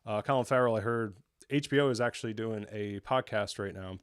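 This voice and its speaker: A young man from the New York area chats casually and enthusiastically as a show reviewer, rambling and often restarting sentences to correct himself. His voice sits on the low side and moves fairly quickly, smooth and dry. The recording is studio quality.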